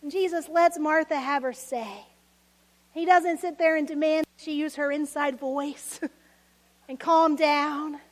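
A woman preaching a sermon, expressive and laughing often, acting out voices of people from the story. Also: sits high, takes it slowly.

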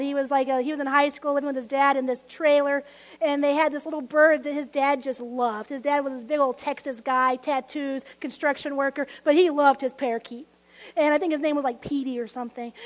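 A woman pastor preaching a lively sermon, telling stories with laughs and dropping to hushed asides. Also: high voice, long reverb tail.

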